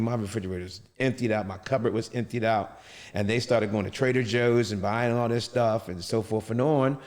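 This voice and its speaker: Halting middle-aged man in long reverb. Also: mid-range voice, darkish tone. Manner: halting, with many restarts and fillers. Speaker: interviewee. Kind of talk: personal storytelling.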